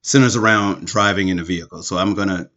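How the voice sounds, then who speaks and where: A man in his forties holds a relaxed conversation with his co-host. He tells his stories with energy, slips into voices to act out other people, and laughs along the way. The recording sounds a little dull and lo-fi. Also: low voice, quick pace. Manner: animated storyteller, acts out voices, laughs often. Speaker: podcast co-host. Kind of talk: casual chat.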